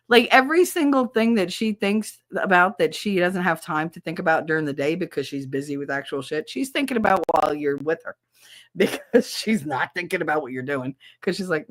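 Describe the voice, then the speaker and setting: A woman with a lowish voice chats loosely with her live-stream viewers, blunt and crude and quick to laugh. Her voice sits close and dry on the mic, with no room around it. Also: lively intonation, no echo. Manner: candid, crude and giggly, chatting to viewers. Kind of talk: casual live-stream chat.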